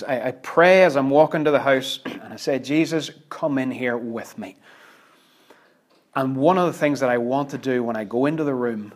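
A man preaching a sermon, earnest and emphatic, sometimes dropping almost to a whisper. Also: mid-range voice. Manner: earnest, emphatic, with dramatic drops to near-whisper.

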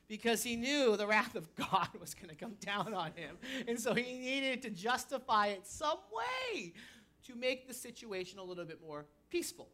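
A woman pastor preaching a sermon, telling stories with animated energy and rising to shouts. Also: on the high side, normal speed.

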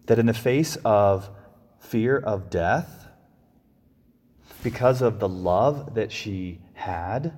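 A man's voice: lowish voice, a little mellow, breathy edge, long reverb tail. A man giving a reflective sermon, often restarting and repeating his phrases. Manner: reflective, with frequent restarts and repetitions. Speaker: preacher.

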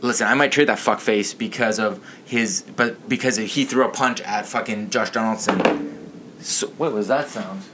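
A man's voice: fairly low pitch, moderate pace, noisy background. A man ranting about sports to his channel's viewers, outraged, profane and a little tipsy.

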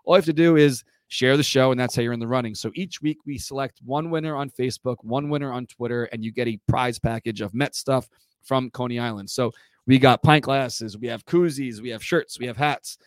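A man's voice: mid-range voice, a little fast, no echo, studio quality. A man hosting a casual podcast, chatty and rambling, with fillers and self-corrections. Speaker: podcast host. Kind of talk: casual chat.

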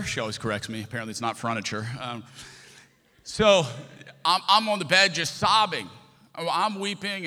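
A man preaching, telling a personal story in an animated, self-interrupting way and joking with the congregation. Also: medium pitch. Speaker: pastor. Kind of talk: sermon storytelling. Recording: reverberant hall.

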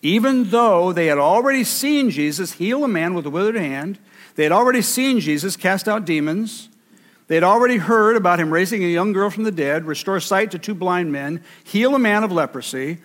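A man's voice: high-pitched, lively intonation, normal speed, fairly bright tone. A man preaching a sermon with emphasis, repeating key phrases for weight. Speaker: pastor. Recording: reverberant hall.

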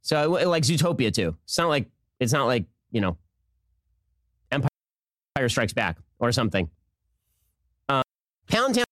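A male commentator in a played clip, giving dry sarcastic remarks at a brisk clip. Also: mid-range voice, big pitch swings, fairly bright tone, dry recording. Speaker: political commentator.

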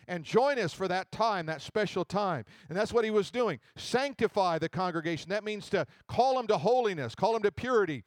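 A middle-aged man preaching a sermon, swinging between loud emphatic bursts and slow drawn-out scripture lines. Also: sits high, dry recording. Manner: animated preaching with swells of volume and drawn-out scripture readings. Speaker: pastor.

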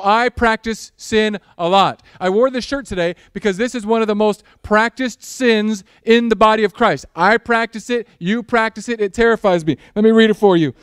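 A male pastor preaching a sermon in a church, opening with a prayer, animated with sarcastic asides and acted-out quotes. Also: high-pitched, clear, resonant tone, no room sound, clean studio sound. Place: church sanctuary.

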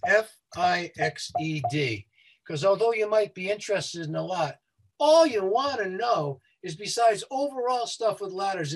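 Husky man speaking fast and explaining. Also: high voice, rough recording. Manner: talks quickly and explains things step by step. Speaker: safety consultant. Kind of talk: guest explaining a website walkthrough.

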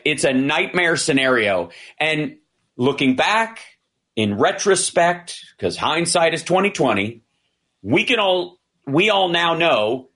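A man talking things through in a loose, conversational way, circling back and restarting his sentences. His pitch sits in the usual middle range for a man. He slips into quoted lines as he retells what happened. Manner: animated retelling, acting out quoted dialogue; frequent restarts and fillers. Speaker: commentator. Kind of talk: casual discussion.

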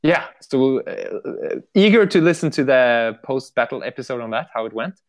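A man's voice: mid-range voice, animated, moderate pace. Rambling Swedish man hosting a podcast. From Sweden. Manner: rambling, profane, many fillers. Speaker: podcast host. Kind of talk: casual chat.

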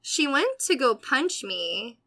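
A young woman from Atlanta telling a casual story with animated quoted voices and frequent laughter. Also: sits high, slow. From Atlanta, USA. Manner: animated, laughs often, acts out quotes loudly.

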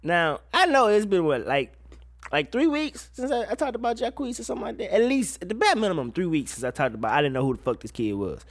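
A man talks through a loose, profane solo rant, his fairly high voice swinging up into loud yelps and back down again. The sound is dry and close, with no room behind him. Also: fast talker, dry recording. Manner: profane, animated, with sudden loud high outbursts. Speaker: solo commentator. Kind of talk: casual rant about music gossip.

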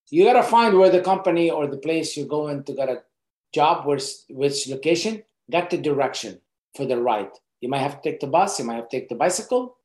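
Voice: mid-range voice, darkish tone. Earnest job coach in a roomy echo. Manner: earnest, coaching, repeats points for emphasis; loose, unscripted phrasing with frequent restarts. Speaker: job advice presenter. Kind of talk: casual advice talk to camera.

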